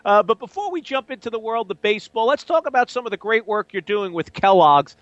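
High-voiced male radio host. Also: expressive, a little fast, fairly bright tone, dry recording, lo-fi sound. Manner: conversational, leading questions. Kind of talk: sports radio talk.

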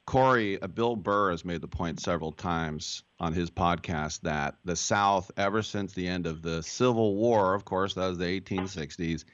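A man's voice: sits low, moderate pace, hardly any pauses, fairly bright tone, no room sound. A man hosting a sports talk radio show, asking loose, rambling questions full of fillers. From Berkeley, California. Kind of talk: casual radio interview. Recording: dull, lo-fi broadcast sound.

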